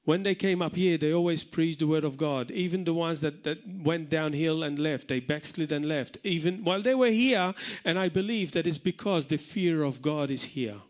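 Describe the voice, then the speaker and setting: A man from Malta with a Maltese accent, preaching an animated sermon in a church hall. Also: a little high, moderate pace, hardly any pauses. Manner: animated preaching, shouting out acted warnings.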